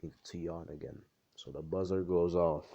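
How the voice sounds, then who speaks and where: A man's voice: sits low, flat delivery, normal speed, warm tone, a little hiss or hum. A young man casually telling an improvised fan story, rambling and profane with lots of filler and slang. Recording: dull lo-fi home recording.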